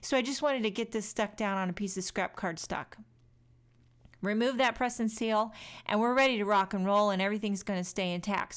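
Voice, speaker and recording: A woman's voice: mid-range voice, clean tone. A woman in her thirties chatting through a craft tutorial voice-over, joking and talking straight to viewers. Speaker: card-making crafter.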